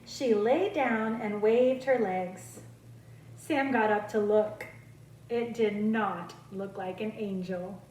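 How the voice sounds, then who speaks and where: A woman speech therapist reading picture books aloud to children, slow, clear and expressive. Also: mid-range voice, a little hiss or hum. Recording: roomy echo.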